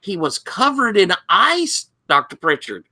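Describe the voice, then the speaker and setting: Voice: medium pitch, very animated, unhurried, sharp tone, pitched above the performer's own voice, full character voice. A game master voicing a wide-eyed teenage male student with a put-on accent, telling a strange tale. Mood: urgent.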